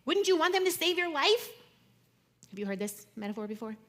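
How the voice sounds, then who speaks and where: Young woman giving a chatty talk, kinda high voice, bouncy and jokey, gets loud then quiet. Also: fairly quick. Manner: animated, jokey, swings between loud and soft. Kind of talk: conversational talk to an audience.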